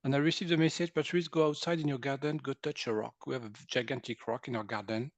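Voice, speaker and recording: A man's voice: mid-range voice, quick pace, no echo. A man in his sixties from France, speaking English with a French accent, who tells his story as an interview guest, laughing often and acting out what people said. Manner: animated, laughs often, acts out quoted speech. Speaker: guest, energy healer.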